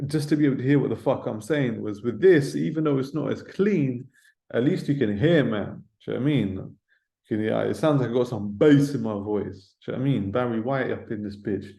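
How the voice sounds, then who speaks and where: A British boxing pundit with a mid-range, dark voice and vocal fry talks a little fast, rambling and swearing through casual commentary packed with filler tags. He's in a room without a proper mic, so the sound is roomy and echoey.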